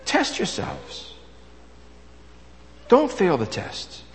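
A man preaching a sermon, emphatic, repeating his key phrases and swinging between loud and soft. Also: sits high, huge pitch swings, very slow, slight background noise. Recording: long reverb of a large hall.

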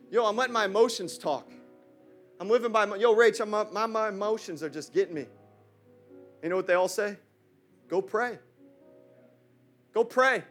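Male preacher, high voice, punchy and bright, casual slang, rallies the congregation in church. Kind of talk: energetic sermon.

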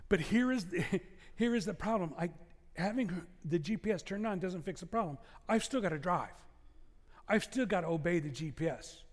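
Pastor preaching in a reverberant hall. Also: male voice, high-pitched, lively intonation, normal speed. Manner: conversational preaching with asides and humor. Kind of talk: sermon.

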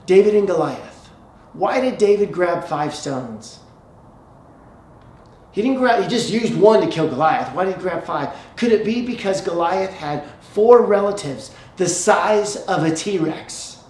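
A male pastor preaching a sermon, telling a story and slowing down for emphasis. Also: high voice, expressive, a little mellow. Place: church sanctuary. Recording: echoey church hall, faint ambience.

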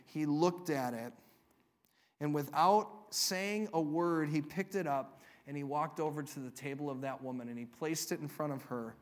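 A man, a pastor, preaching a sermon and telling a story, moving from emphatic peaks to a soft, quiet close. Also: on the high side.

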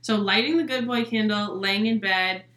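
A woman's voice: mid-range voice, moderate pace, fairly bright tone. A young woman co-hosting a casual podcast, rambling answers full of "like". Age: young adult. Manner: rambling, heavy on "like". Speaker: podcast co-host. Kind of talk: casual chat. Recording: echoey room.

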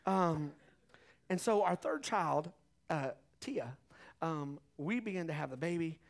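A middle-aged man preaching a sermon, telling stories in an animated way with laughs and acted-out voices. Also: fairly high pitch, takes it slowly. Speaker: pastor.

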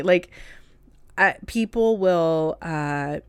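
Slow-talking emphatic woman vlogger. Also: lowish voice, no room sound, clean studio sound. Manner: emphatic, blunt, laughing asides. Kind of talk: casual commentary to camera.

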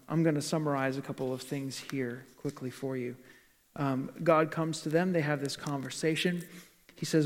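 A male pastor giving a sermon in a church, asking rhetorical questions and reading scripture aloud. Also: fairly high pitch. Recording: long reverb of a large hall.

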